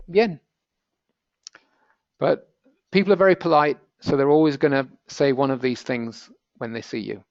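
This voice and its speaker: A man's voice: mid-range voice, vocal fry, darkish tone, no echo. A man teaching a Spanish lesson in a webinar, explaining in a practical, conversational way with asides. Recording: dull, lo-fi webinar audio.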